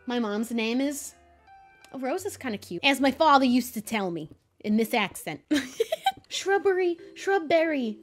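A woman's voice: on the high side, lively intonation, normal speed, faint music behind. A young woman chatting playfully as she commentates her building game, talking to the animals in it. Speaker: Minecraft streamer. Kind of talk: casual gameplay commentary.

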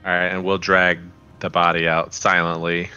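A man's voice: deep voice, completely flat delivery, moderate pace, pushed and bright, clean tone, faint music behind. A man playing a tabletop game, talking casually in a plain, matter-of-fact way. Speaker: player. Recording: dull lo-fi audio.

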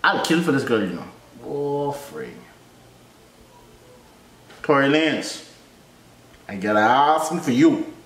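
A man hosting a reaction video in casual commentary, playful and teasing, with loud excited outbursts. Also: medium pitch, normal speed, pauses often. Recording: echoey room.

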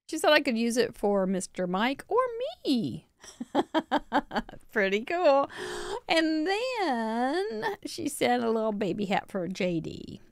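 A woman's voice: fairly high pitch, no room sound, studio quality. A woman chatting casually as host of a live crafting show, opening mail from viewers and laughing often. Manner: chatty, warm-hearted, laughs often, yawning from a long day.

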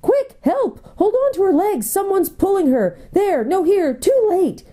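A woman's voice: mid-range voice, sing-song, normal speed, mellow, voice pushed up. A woman voicing a gloomy grown male marsh creature who talks in a glum, fatalistic way. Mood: frantic.

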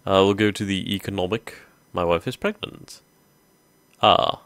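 A man's voice: low voice, fairly even intonation, a little slow, fairly bright tone, dry recording. A man hosting a strategy game let's play, thinking aloud casually with many ums. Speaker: gaming video host.

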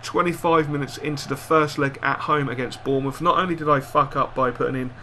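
A man commentates live on his own match with a bright, forceful voice. He is exasperated, swears freely and yells at his players. There is a faint hiss behind him. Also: mid-range voice, fairly even intonation, brisk. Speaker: gaming commentator.

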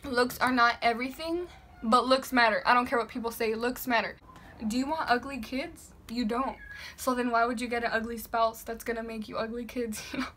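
A young woman vlogger answering viewer questions in a loud, chatty, sassy way. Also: on the high side, fairly even intonation, fairly quick, slight background noise. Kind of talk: casual Q&A vlog.

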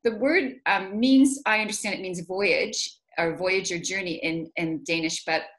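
A woman's voice: on the low side, a little slow, fairly bright tone. A woman author asking for help with pronunciation over a video call, chatty and self-deprecating, with frequent hesitations. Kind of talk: casual video call chat.

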